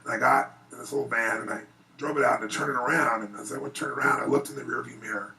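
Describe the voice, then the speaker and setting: A man giving an earnest, animated personal storytelling speech at a private event before an audience. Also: medium pitch, very fast, distant mic, a crowd in the background, poor audio. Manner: earnest, animated, rising excitement in retellings. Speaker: motivational speaker.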